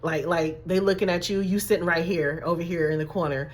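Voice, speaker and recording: A woman life coach giving a chatty, animated motivational talk to camera, calling her viewers y'all and baby. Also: on the low side, a little fast.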